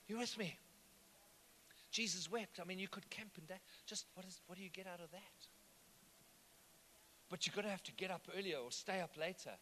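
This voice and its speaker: Bright high-voiced preacher. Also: male voice, slight background noise. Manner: conversational, asks the congregation questions. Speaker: pastor. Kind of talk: sermon.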